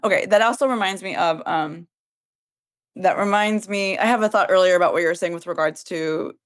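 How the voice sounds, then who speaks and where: A woman's voice: fairly low pitch, a little fast, no echo. A woman in her thirties, a comedian guest, talking through her thoughts about films and searching for words. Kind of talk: casual film chat.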